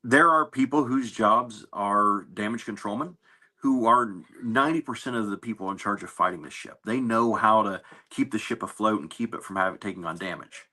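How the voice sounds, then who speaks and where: A man in an interview, telling stories about his navy service in a relaxed, anecdotal way with fillers and restarts. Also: lowish voice, normal speed. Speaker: navy veteran guest. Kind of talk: casual interview storytelling.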